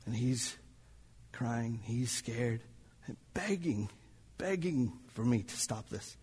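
A man's voice: medium pitch, expressive, takes it slowly, a little mellow, husky, in a large hall. A male pastor preaching a sermon in a church, telling a story dramatically and sometimes dropping to near-whispers. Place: church sanctuary.

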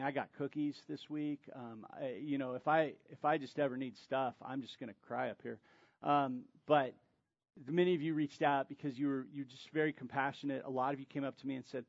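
A man preaching a sermon as pastor, moving between impassioned, emphatic preaching and soft, confiding asides. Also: mid-range voice, vocal fry, dry recording, lo-fi sound.

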